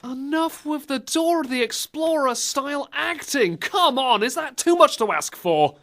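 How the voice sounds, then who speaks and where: A man riffing on bad video game acting as the host, animated and prone to giggling while he mocks. His voice is high and leaps up and down with every joke. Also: a little slow. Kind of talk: comedic game commentary.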